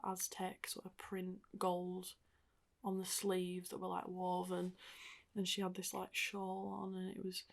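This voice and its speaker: Low, flat-voiced woman, rambling softly. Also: gravelly. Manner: rambling and reflective, heavy use of "like" and "sort of" fillers. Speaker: podcast host. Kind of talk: personal podcast monologue.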